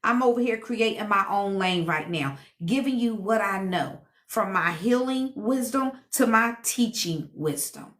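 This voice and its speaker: A woman's voice: mid-range voice, lively intonation, measured pace, hardly any pauses, a bit bright. A woman hosting a casual live stream at home, a self-described healer and teacher who reads comments, laughs often and talks to viewers in a sassy, playful way.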